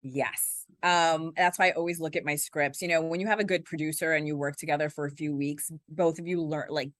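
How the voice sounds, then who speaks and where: A woman in her forties, a TV journalist, talking fast and animated in an interview, acting out little scenes as she goes. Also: sits low, no echo, studio quality. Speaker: TV journalist and guest. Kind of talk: conversational interview.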